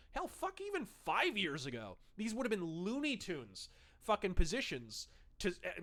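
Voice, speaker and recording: A man with a high, fairly bright voice hosts a livestream, reading chat messages out loud and responding with snark, sarcasm and profanity.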